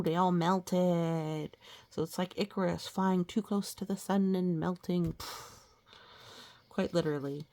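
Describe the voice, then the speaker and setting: A woman reading old children's rhymes aloud, stopping to gently explain the lessons and pictures. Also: on the low side, gravelly.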